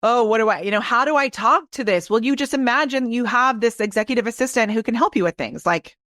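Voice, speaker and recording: A woman's voice: fairly high pitch, fairly bright tone, no echo, clean studio sound. Upbeat woman guest on a podcast. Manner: enthusiastic, quick storytelling. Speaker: guest, video marketing expert. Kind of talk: casual podcast chat.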